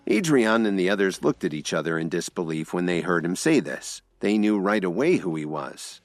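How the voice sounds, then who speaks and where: Lively low-voiced male audio drama narrator. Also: normal speed, few pauses, dry recording, studio quality. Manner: voices all characters himself.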